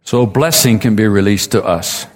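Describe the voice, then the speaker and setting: A man's voice: lowish voice, moderate pace. A man preaching a sermon, retelling a story with casual asides and acted-out quotes.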